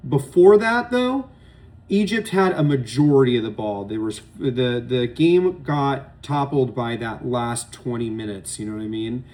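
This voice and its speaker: A man's voice: mid-range voice, moderate pace, hardly any pauses, darkish tone. A young man giving loose, opinionated solo commentary on football matches, rambling and swearing often. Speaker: sports podcast host. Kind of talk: casual solo sports commentary.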